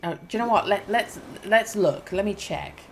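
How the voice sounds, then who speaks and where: A woman in her fifties from Essex, with an Essex English accent softened by her mother's corrections. She chats casually as she plays a game, thinking aloud with ums and quick self-corrections. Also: mid-range voice, faint music behind, rough recording. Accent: Essex English, softened by parental correction. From England, Essex. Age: 50s. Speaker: game streamer. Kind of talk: casual gameplay commentary.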